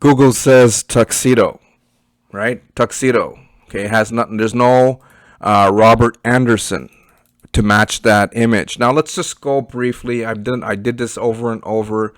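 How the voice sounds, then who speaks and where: A man's voice: medium pitch, steady tone, measured pace, dry recording, studio quality. A Canadian man giving a casual, blunt screen-share review as an online business reviewer, chatty and often tagging "okay" and "right?".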